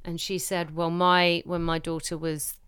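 A woman co-hosting a podcast, telling a story in animated bursts that speed up when she relives the panic. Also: fairly low pitch, measured pace, smooth, no echo, studio quality. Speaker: podcast co-host. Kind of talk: casual chat.

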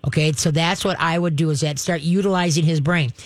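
A woman's voice: deep voice, steady tone, fairly quick, dry recording. Woman radio host, direct and instructive, chatty advice voice, dry close sound. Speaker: radio show dog trainer host. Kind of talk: advice call-in talk.

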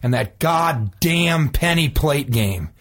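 A man's voice: fairly high pitch, expressive. Guy guest doing a fake sad confession bit, stammers a lot. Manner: mock-rueful, halting, stammering. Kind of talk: improvised comedic storytelling.

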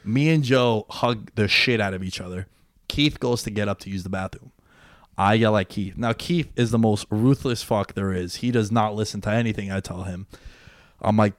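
A young man hosts a casual sports podcast. He has a fairly low voice and tells his stories in an excitable rush, swearing freely. The sound is dry and close. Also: moderate pace, no echo. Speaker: podcast host. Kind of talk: casual chat.

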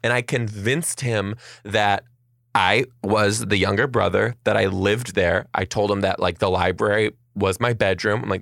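A man's voice: fairly low pitch, normal speed, creaky, no echo, clean studio sound. A man who works as a teacher, chatting casually and telling wry stories. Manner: lively, wry storyteller. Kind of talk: casual chat.

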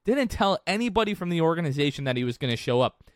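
A man's voice: fairly high pitch, very animated, quick pace, no room sound. A man co-hosting a sports podcast, talking casually and rambling with frequent restarts. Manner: rambling, chatty, many restarts. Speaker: podcast co-host. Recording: dry close-mic sound.

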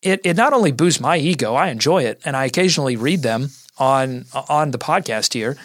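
Lively man hosting a sports podcast. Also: mid-range voice, dry recording, studio quality. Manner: energetic, quick asides and self-corrections. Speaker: podcast host.

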